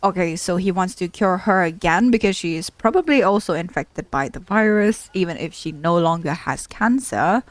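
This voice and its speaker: A woman's voice: lowish voice, normal speed, few pauses, no room sound. Chatty woman narrating her gameplay. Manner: chatty, repeats herself and exclaims when startled. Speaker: let's play host. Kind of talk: casual gameplay commentary.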